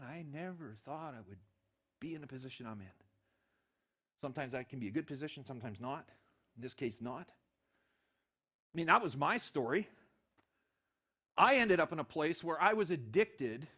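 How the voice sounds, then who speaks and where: A middle-aged man preaching with a lively, swooping delivery. His voice sits high for a man, and he tells the story with animated, acted-out quotes. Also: slightly rough. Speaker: pastor. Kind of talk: sermon.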